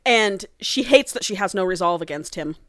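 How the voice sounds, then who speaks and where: A woman's voice: medium pitch, moderate pace, no room sound. Woman podcaster gushing thru a book recap, dry close mic, acts out the lines. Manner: animated, acts out characters' lines while recapping. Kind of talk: casual chat, retelling a story with quoted lines.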